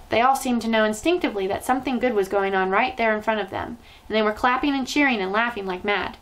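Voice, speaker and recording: A woman storyteller reading a children's novel aloud in an expressive, lively way. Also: medium pitch, quick pace, few pauses, rough recording.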